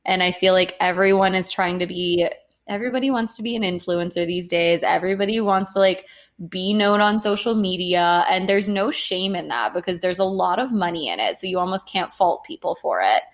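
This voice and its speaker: A woman's voice: lowish voice, brisk. A young woman co-hosting a casual podcast. She talks bluntly and indignantly, swearing freely as she makes her point. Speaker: podcast co-host. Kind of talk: casual chat.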